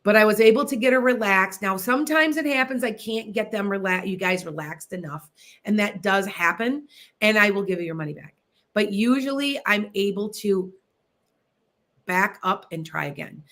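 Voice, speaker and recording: A woman from the Midwestern US hosting a psychic radio show, telling stories in a chatty, animated way and speaking straight to her listeners. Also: mid-range voice, moderate pace. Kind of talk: casual storytelling on internet radio.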